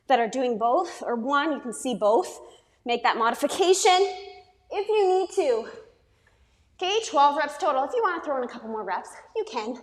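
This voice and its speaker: A woman's voice: high-pitched, sing-song, normal speed, in a large hall. A young woman fitness coach leading a workout, upbeat and encouraging as she counts reps aloud. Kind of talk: workout instruction.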